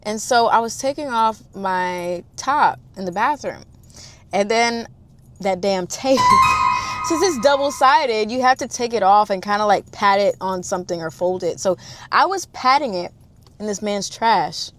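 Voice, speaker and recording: Young woman spilling a storytime, slangy and cussing, goes from loud outbursts to quiet mutters, talks right to y'all. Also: measured pace, faint music behind. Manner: animated, swinging between loud exclamations and hushed low asides; addresses listeners directly, slangy and profane. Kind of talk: casual storytime chat.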